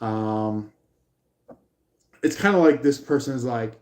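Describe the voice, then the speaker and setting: A man's voice: mid-range voice, takes it slowly, pauses often, a little mellow, roomy sound. A man giving a live-streamed tarot reading in a rambling way, with many fillers, acting out the people he describes in raised voices. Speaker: tarot reader.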